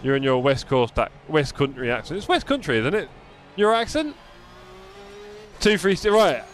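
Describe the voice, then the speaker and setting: A man's voice: on the high side, big pitch swings, normal speed, a little hiss or hum. A young man live-streaming a racing game, chatting casually and answering his viewers by name with self-deprecating humor.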